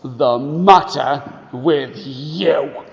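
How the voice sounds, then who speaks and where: A man doing a gruff, mean boy. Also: mid-range voice, drawn-out words, long reverb tail, pitched below the performer's own voice. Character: tall, mean boy, gruff but softening.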